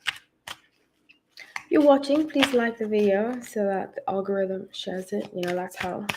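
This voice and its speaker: A woman's voice: mid-range voice, unhurried, background noise. A woman hosting a casual tarot livestream from home, chatting with viewers and greeting them by name between rambling asides.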